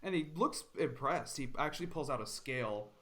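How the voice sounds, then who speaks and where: A man narrating a tabletop game as game master, relaxed and full of fillers. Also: on the high side, normal speed. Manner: relaxed with many ums and uhs.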